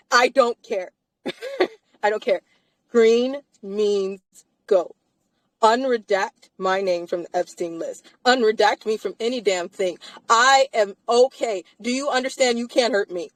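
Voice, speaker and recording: A woman's voice: mid-range voice, dry recording, poor audio. A tired woman co-hosting a live-stream chat, emphatic and repetitive, swearing freely. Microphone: streaming mic.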